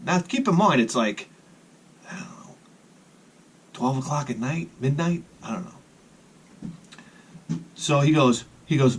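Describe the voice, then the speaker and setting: A man's voice: mid-range voice, expressive, measured pace, long pauses, a little hiss or hum. Rambling middle-aged man telling stories. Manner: rambling, restarts sentences, chuckles at own jokes. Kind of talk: rambling casual storytelling.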